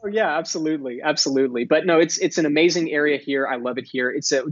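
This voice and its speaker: A young man from Texas gives an earnest, articulate podcast interview. His words come out measured, with small restarts as he builds each point. The sound is dry and somewhat dull, with no room around it. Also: on the high side, no room sound. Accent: none, mostly neutral American with a faint Texas drawl at times. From Dallas, Texas. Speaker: guest, entrepreneur.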